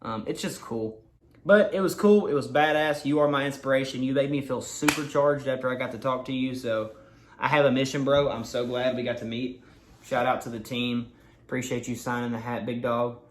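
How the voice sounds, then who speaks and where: A man telling an excited, swear-filled story to the camera in a casual vlog. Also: mid-range voice, brisk. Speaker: vlogger.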